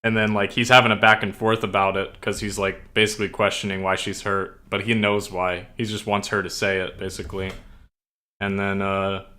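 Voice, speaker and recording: Young man, streamer, casual rambling chat, lots of fillers, bright edgy tone, lowish voice.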